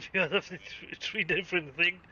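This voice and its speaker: A Danish-accented man chatting on his live stream, his voice bright and edged, pitched a little above the usual. He swears freely and keeps breaking off to restart his sentences, all through a dull, lo-fi mic. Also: steady tone, moderate pace, husky. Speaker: game streamer. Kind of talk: casual live-stream chat.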